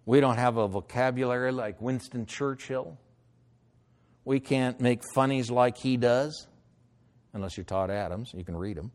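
A middle-aged man preaching a sermon, moving between loud declarations and hushed, pleading lines. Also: mid-range voice, moderate pace. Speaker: pastor.

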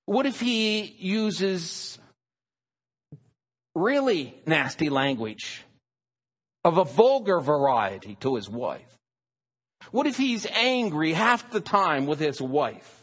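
A male preacher delivering a sermon at an unhurried pace, his voice husky and slightly raised in pitch. He leans hard on single words and swings his intonation widely. The sound carries a long reverb, as in a large hall. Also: sing-song. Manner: emphatic, stresses single words.

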